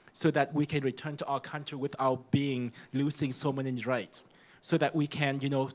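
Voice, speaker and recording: A man from Vietnam with a Vietnamese accent, speaking as a panelist in a chatty way and acting out short exchanges. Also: mid-range voice. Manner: chatty, acts out little dialogues, many fillers. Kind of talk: panel remarks.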